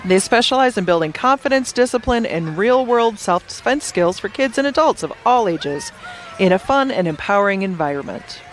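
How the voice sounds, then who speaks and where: A woman's voice: medium pitch, expressive, normal speed. A woman commentating live at an outdoor parade at night, chatty and amused, reading sponsor blurbs between bits of banter. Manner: chatty and amused, laughing often between scripted reads.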